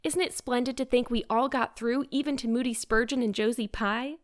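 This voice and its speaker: A woman's voice: a little high, steady tone, a little fast, voice pushed up, natural voice. A woman voicing an eager, dreamy teenage girl in a storybook reading, earnest and effusive. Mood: joyful. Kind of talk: audiobook character reading.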